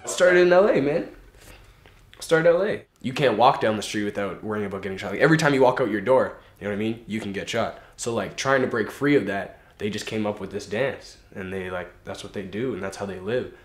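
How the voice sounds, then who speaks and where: Casual interview man, lowish voice, echoey room, faint music behind. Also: expressive, a little fast. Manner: casual, conversational. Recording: roomy echo with faint music.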